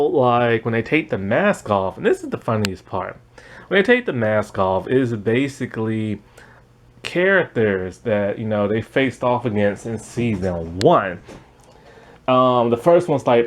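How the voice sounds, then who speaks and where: Guy rambling thru a cartoon review, voice bouncing up and down, laughs a lot. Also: medium pitch. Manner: rambling, laughs often, many fillers. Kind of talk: casual spoken review.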